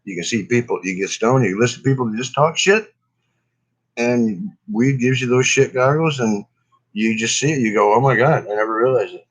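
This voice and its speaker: A man in a casual smoking vlog, stoned and coughing between his sentences. He rambles in a laid-back way, swearing freely, with a medium pitch. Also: moderate pace, low-quality recording. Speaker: cannabis vlogger. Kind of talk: casual smoking session chat.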